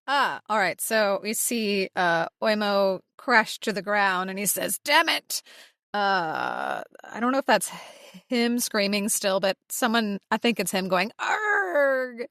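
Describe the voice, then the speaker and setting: A woman's voice: mid-range voice, a little slow, few pauses, fairly bright tone, no room sound, clean studio sound. A woman guest voice actress on a podcast, recapping a comic chapter in casual chat and reading out character lines. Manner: reads out character lines with small acted voices.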